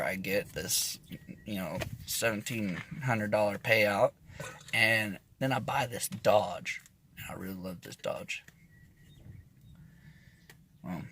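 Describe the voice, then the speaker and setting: A man's voice: lowish voice, fairly bright tone, a little hiss or hum. A man telling a rambling, profane story in a casual, self-interrupting way.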